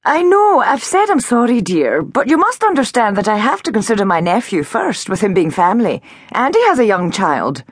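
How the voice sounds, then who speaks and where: A woman's voice: medium pitch, big pitch swings, normal speed, breathy edge, dry recording, studio quality, pitched above the performer's own voice. A woman voicing a large, vague older landlady who sounds polite and apologetic but stays firm, in a syrupy, over-sweet voice. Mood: sugary, firm.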